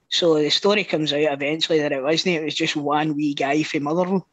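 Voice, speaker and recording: A Scottish man co-hosting a podcast, swearing freely and telling lively anecdotes. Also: a little high, normal speed, dry recording, low-quality recording. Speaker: podcast co-host. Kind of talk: casual chat, storytelling.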